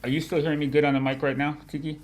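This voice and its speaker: A man hosting a casual livestream about markets, with a nasal voice, rambling, swearing often and laughing loudly. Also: fairly high pitch, flat delivery, rapid-fire, slight background noise. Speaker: livestream host of a market analysis show. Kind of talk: casual profane chat.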